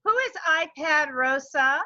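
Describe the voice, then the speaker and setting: A woman chairing an online meeting, brisk and joking, on a dull video call line. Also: high voice, expressive, pushed and bright, no room sound.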